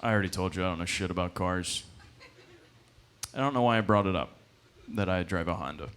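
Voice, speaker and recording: A man in his twenties performing a stand-up comedy set, telling stories with deadpan asides and jumping into high-pitched voices for the characters he quotes. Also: a little fast, smooth. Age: 20s. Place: comedy club stage.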